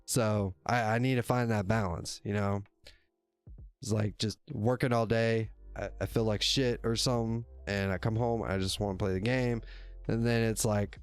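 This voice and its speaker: Speaking into a desk mic at a normal speed, this man has a fairly low, steady voice that sounds clear and resonant, with faint music in the background. It's a casual solo livestream where he talks to viewers, wanders off topic, self-corrects, swears a lot, and laughs frequently.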